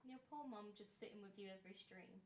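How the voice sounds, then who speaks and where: A woman, the host's partner, chiming in quietly and shyly in casual chat from across the room. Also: mid-range voice, fast. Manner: quiet, shy, apologetic. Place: same room as the host, away from the mic. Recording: distant, off-mic voice.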